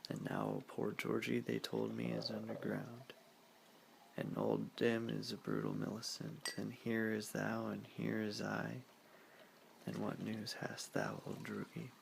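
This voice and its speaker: A man's voice: on the low side, completely flat delivery, unhurried, creaky, noisy background. A man whispering a brash young ex-thug with quaint speech. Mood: theatrical. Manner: old-fashioned, theatrical phrasing. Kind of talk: whispered role-play.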